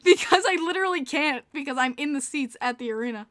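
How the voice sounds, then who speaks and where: A woman's voice: high-pitched, expressive, fast talker, fairly bright tone. A woman with a Long Island New York accent, hosting a casual livestream podcast and chatting with viewers, laughing often. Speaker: podcast host reading live chat.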